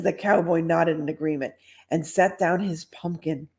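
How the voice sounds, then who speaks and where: A woman's voice: fairly low pitch, steady tone, normal speed, a little mellow. A middle-aged woman reading a children's storybook aloud, with chatty asides. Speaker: storytime reader.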